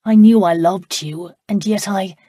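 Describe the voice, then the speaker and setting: A woman's voice: medium pitch, a little slow, warm tone, breathy edge, no echo, clean studio sound. Woman voicing an ardent young duke proposing. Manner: earnest, declarative.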